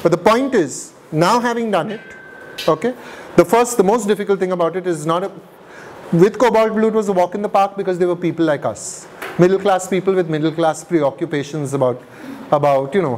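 A man's voice: sits high, darkish tone, slight background noise. A man giving an informal university talk on translation, chatty and wry, with self-mocking asides. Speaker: guest speaker on translation. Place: lecture event.

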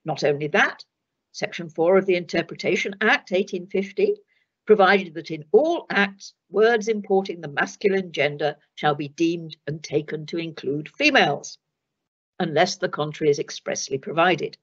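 An older woman, a retired judge giving a formal lecture in a measured, precise way with dry wit. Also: fairly low pitch, husky. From England. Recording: dull lo-fi recording.

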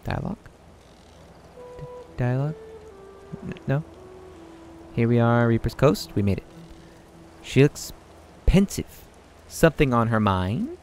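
A young man casually commenting on a video game he plays, reading dialogue choices aloud and laughing often. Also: medium pitch. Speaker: let's play host.

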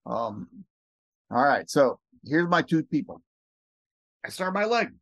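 Excited man walking through a screen share. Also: on the high side, dry recording, muffled recording. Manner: excited, rambling, talks fast. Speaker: network marketing recruiter.

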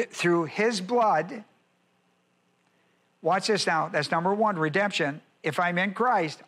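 A male pastor teaching a Bible study, repeating key phrases and slowing down to stress words. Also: sits high, sharp tone.

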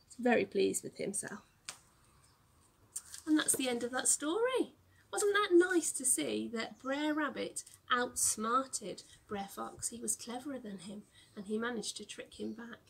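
A young woman teacher reading a storybook aloud to children, gently explaining words along the way. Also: fairly high pitch, lively intonation, a little slow, gravelly, slight background noise.

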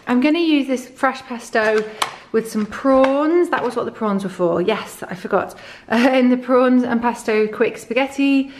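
A woman chats through her shopping in a relaxed, rambling way, full of ums and restarts. Her voice sits slightly high and she sounds a little short of breath. A faint background hiss runs under the recording. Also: unhurried. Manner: chatty, rambling with fillers and restarts. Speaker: vlogger. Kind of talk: casual grocery haul chat.

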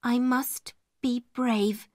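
Storybook girl: a woman voicing a brave, quiet servant girl, high and gentle. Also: fairly even intonation, extremely slow, no room sound, clean studio sound. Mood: earnest. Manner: quiet and earnest.

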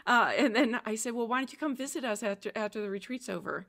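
A religious sister on a podcast telling a story in a lively chat, acting out quoted lines. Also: female voice, fairly high pitch, fast, gravelly.

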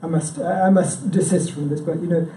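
Before a live audience in an echoey meeting room, a local branch chair gives a casual talk and quizzes listeners, breaking off his own sentences and sprinkling in "yeah?" and "you know." His voice is on the high side, steady and mellow at a moderate pace, captured by a distant mic with slight hiss or hum.

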